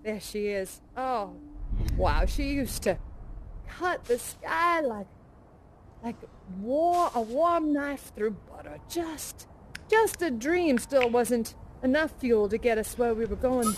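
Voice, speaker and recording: A folksy daredevil aviator. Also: female voice, fairly high pitch, expressive, takes it slowly, slight background noise. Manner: folksy, chatty, exclamatory storyteller. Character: folksy, adventurous woman aviator, adult. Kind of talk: live immersive theater performance.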